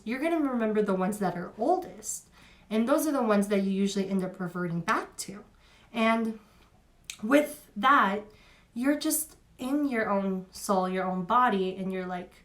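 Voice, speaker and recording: A young woman talking through a review in a loose, chatty way. She fills her sentences with "like" and "um" and restarts often. She sounds openly emotional and heartfelt at a middle pitch. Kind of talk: casual spoken review.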